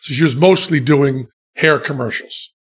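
A man telling funny stories in casual chat, deadpan and self-mocking, laughing at his own jokes. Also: mid-range voice, moderate pace, slightly rough. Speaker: podcast guest telling stories.

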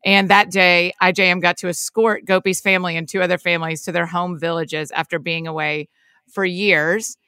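A woman's voice: on the low side, level tone, moderate pace, sharp tone, clean tone, no echo. A woman co-hosting a podcast, chatting casually and reading a sponsor story in a chatty, laughing way. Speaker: podcast co-host. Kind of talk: casual chat and sponsor read.

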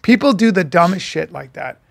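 Gravelly, high-voiced man telling profane stories. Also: a little fast, dry recording, studio quality. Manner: profane, animated storyteller who acts out quotes. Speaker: podcast co-host. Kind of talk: casual podcast banter.

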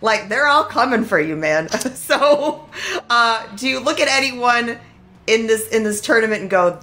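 A woman's voice: on the high side, expressive, a little slow, sharp tone. Playful woman interview host. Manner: upbeat, playful, laughing. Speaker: show host. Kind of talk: post-match interview.

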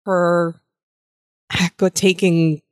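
Brief: woman co-host, slightly low voice, blunt and profane, dry close sound. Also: flat delivery, very slow, a little mellow, no echo. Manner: blunt, swears freely. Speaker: podcast co-host. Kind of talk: casual TV recap chat.

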